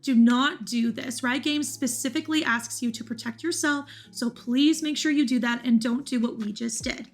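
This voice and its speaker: A woman's voice: high-pitched, moderate pace, few pauses. A woman hosting a gaming video, giving an earnest, cautionary voice-over about gameplay clips.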